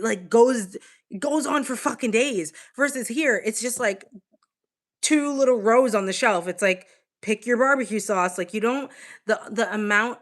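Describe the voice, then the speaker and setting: A woman's voice: medium pitch, a bit bright. Chatty woman with a Boston accent. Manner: chatty, swears freely, reads chat aloud. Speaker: livestream host. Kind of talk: casual live-stream chat. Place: home, on a couch with a blanket.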